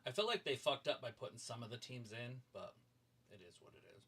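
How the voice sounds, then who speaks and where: A man with a bright, clear tone and a mid-range voice chats casually on a stream. He sounds relaxed and laid-back, often giving short replies. His delivery is easy and unhurried. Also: mid-range voice, a little hiss or hum. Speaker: stream co-host. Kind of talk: casual chat.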